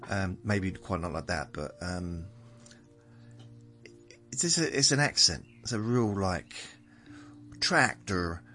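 This podcast host, a man with a southern English accent from southern England, has a deep, sing-song voice with a sharp tone. He talks at a measured pace and pauses often, meandering and correcting himself in a monologue meant to send listeners to sleep.

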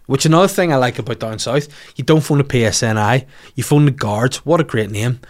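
A man's voice: medium pitch, fast talker. Northern Irish man telling comic stories. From Northern Ireland. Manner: animated, swearing, acts out voices in quotes. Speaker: comedian podcast host. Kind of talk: comic storytelling.

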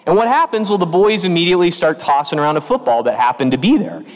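Priest giving a sermon: high, lively voice, lots of pitch swings, church reverb. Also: male voice, quick pace. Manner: storytelling with lively quoted voices. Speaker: pastor.

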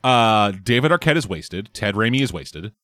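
A man's voice: fairly low pitch, moderate pace, no room sound, clean studio sound. A man in casual chat, bluntly and profanely tearing into a game. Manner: blunt, profane, animated critique.

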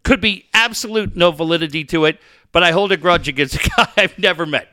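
A man's voice: a little high, brisk, pushed and bright, no room sound. A man co-hosting a sports podcast, ranting heatedly and swearing constantly. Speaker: podcast co-host. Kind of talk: profane sports radio rant.

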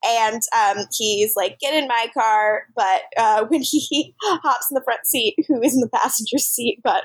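A woman's voice: a little high, unhurried, few pauses, no echo. A woman co-hosting a podcast, recapping episodes in casual chat, swearing freely and giggling often. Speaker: podcast co-host.

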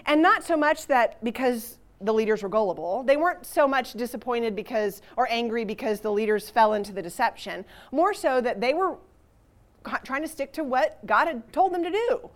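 A woman teaching a Bible passage to a church group in a conversational, animated way, with rhetorical questions. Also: on the high side, moderate pace.

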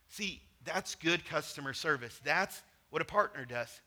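A man's voice: fairly high pitch, measured pace, pushed and bright. A middle-aged man preaching a sermon, talking to the congregation conversationally and telling personal stories. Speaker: pastor.

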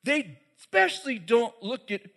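Male preacher, high voice, chatty sermon, asks the crowd questions, chuckles at his own jokes. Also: big pitch swings, normal speed, gravelly, sharp tone. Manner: conversational, asks the audience questions; many fillers and restarts, laughs at his own jokes.

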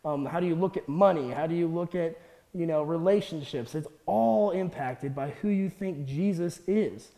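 A young man with a high, mellow voice gives a chatty guest sermon, laughing often and acting out the quotes he tells. His voice rings out with the long reverb of a large hall. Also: moderate pace. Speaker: guest speaker. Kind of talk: casual sermon.

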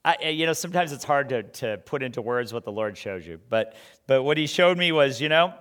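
A man's voice: medium pitch, animated, fairly quick, fairly bright tone. A man preaching a sermon in a conversational way, full of rhetorical questions and stumbling restarts.

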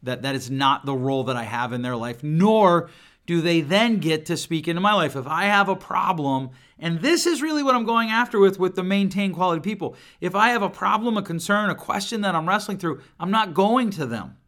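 This middle-aged man runs a solo podcast from a home computer setup with a desk microphone, sounding earnest and reflective. His high voice is a bit bright and fairly quick with lively intonation, and he often restarts and repeats words.

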